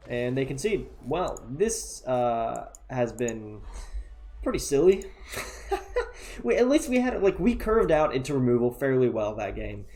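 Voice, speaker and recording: A man with a medium-pitched, dark voice chats casually about his own card game as he plays it. He thinks aloud and pokes fun at himself, sounding tired and yawning now and then, like a gameplay commentator.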